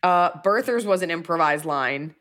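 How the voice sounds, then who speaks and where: Her intonation is lively, her pitch fairly low, her tone fairly bright, and her pace moderate. She's a comedian hosting a podcast, handling ad reads and casual, self-deprecating chat.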